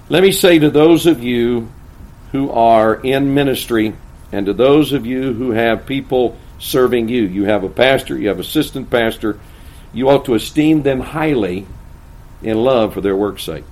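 A man preaching a sermon, swinging between hushed, intimate asides and loud, emphatic declarations. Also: mid-range voice, normal speed, rough recording. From United States. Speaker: pastor.

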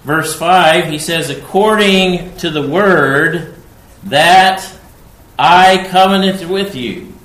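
Slow, emphatic preacher man, echoey room. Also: on the high side. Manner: emphatic, rising loud on quoted scripture, slow deliberate pace. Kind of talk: expository sermon.

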